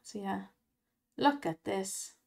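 A woman, chatty and excitable, giving casual commentary to viewers over slot play and laughing often. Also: medium pitch, takes it slowly, gravelly. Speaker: slot gaming channel host. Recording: music loud behind voice.

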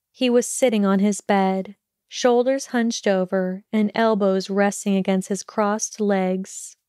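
A woman narrates a fan fiction audiobook at a slow, measured pace, in a mid-range voice. The recording is dry and close, with no echo at all. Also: medium pitch, darkish tone, smooth.

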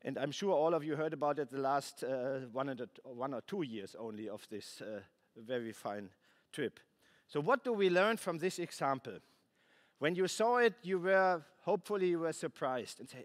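Man, conference keynote, somewhat high voice, halting delivery, frequent restarts, dry asides. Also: animated. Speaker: space agency head giving a keynote. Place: conference plenary hall.

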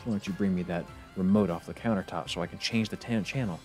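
A man with a very low voice talks through a game stream in a casual, cussing, excitable way, tripping over his words as he reacts. Faint game music plays underneath him. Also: quick pace. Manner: profane, excitable reactions with frequent restarts. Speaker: streamer playing a video game. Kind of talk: casual let's-play commentary.

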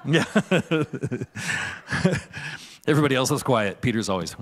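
A man's voice: mid-range voice, animated, slow. A man preaching in a church, casual and chatty, often asking "right?" and laughing as he talks. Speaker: pastor. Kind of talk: conversational sermon.

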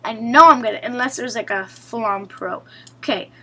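A woman's voice: fairly high pitch, moderate pace, pushed and bright, slightly rough. A young woman commentating her own gameplay, pleading with and scolding her teammates in exasperation. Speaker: gaming video creator.

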